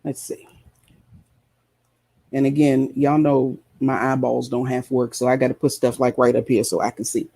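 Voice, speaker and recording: A man's voice: medium pitch, little pitch movement, moderate pace, warm tone, slightly rough. A man preaching a passionate sermon, repeating phrases for emphasis and addressing his listeners directly. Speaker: preacher and show host.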